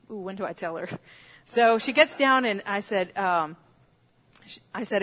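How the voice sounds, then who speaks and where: A woman's voice: mid-range voice, normal speed, fairly bright tone. A woman who teaches on dreams, telling a story in a sermon in a chatty way, with restarts and laughs.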